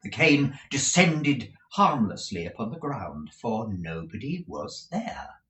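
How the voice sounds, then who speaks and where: Man narrating an old novel, slow and lively, bright tone, echoey room. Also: mid-range voice. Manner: slow, expressive storytelling. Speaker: audiobook reader. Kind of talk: scripted narration.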